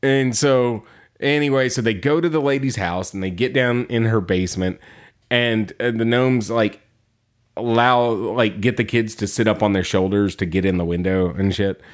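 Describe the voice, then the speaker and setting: A man's voice: lowish voice, normal speed. A man co-hosting a podcast, recapping a story in casual chat, rambling with many fillers, laughing and acting out quotes. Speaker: podcast co-host.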